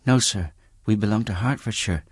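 A man's voice: lowish voice, moderate pace, husky, dry recording, clean studio sound, pitched above the performer's own voice. A man reading aloud, voicing a poor brickmaker's wife who answers meekly and with sighs. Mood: weary, humble. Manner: meek, sighing, deferential. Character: poor worn-out brickmaker's wife, humble and weary.

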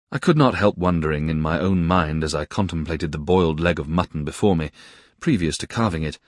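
Deep husky male storyteller. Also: no room sound, clean studio sound. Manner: expressive, storytelling. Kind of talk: audiobook narration of a classic novel.

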